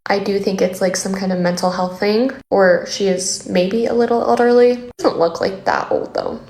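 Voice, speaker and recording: A woman's voice: medium pitch, fairly even intonation, normal speed, a little mellow, reverberant. A woman casually telling a story to camera about her neighbor, matter-of-fact and step by step. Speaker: homeowner telling a story in a social video.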